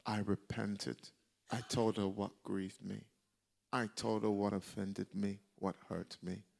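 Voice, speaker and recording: Gravelly-voiced man preaching with fire. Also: fairly low pitch. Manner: animated storytelling with shouted exhortations. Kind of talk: sermon. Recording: live church service.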